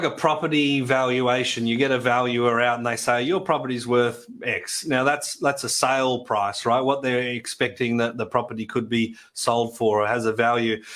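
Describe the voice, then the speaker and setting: A man's voice: medium pitch, a bit bright. Chatty man explaining as podcast guest. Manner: chatty, self-deprecating storyteller. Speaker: podcast guest, depreciation expert. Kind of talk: conversational interview, anecdotes and explanations.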